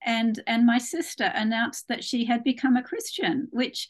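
A woman with an Australian accent softened by years in England, answering interview questions about her faith in an earnest, measured way over a call. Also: on the high side. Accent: Australian with some English influence. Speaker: guest author. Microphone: phone or video call from home.

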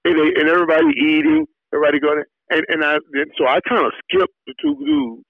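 A middle-aged man from Miami, a former football player, telling animated stories in an interview with repeated words when excited. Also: on the high side, fast, gravelly, no room sound. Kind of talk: storytelling interview. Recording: tinny phone-like dry line.

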